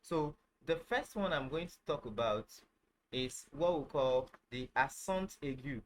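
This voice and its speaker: A man teaching a casual online lesson, halting, with many fillers, who says each phrase over and over. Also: mid-range voice, expressive, slight background noise, poor audio. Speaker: language teacher.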